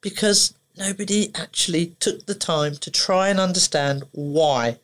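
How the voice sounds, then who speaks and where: A woman's voice: fairly low pitch, a little slow. A woman, an emotional therapist, speaking as a podcast guest and telling stories in a conversational way, often acting out what people said. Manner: animated anecdotes, acts out dialogue. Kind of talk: conversational storytelling.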